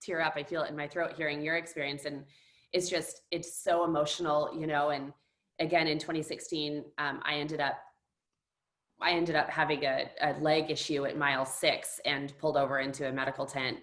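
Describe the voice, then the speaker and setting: A woman's voice: deep voice, flat delivery, fairly quick, a bit bright. A woman guest, a runner, telling her story earnestly and explaining things step by step. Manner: earnest and explanatory, restarts often. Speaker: guest, marathon runner and dancer. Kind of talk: candid conversational storytelling.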